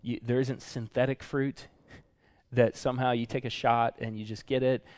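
A man delivers a sermon in a loose, conversational way, circling back and correcting himself as he talks. His voice sits at an ordinary middle pitch, and he jumps up high when he acts out what other people say. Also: level tone, normal speed, darkish tone. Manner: casual, chatty, full of fillers and self-corrections. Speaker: pastor.

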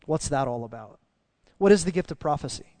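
A man preaching a sermon as pastor, animated and swinging down to quiet emphasis on key phrases. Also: a little high, fairly quick, no echo.

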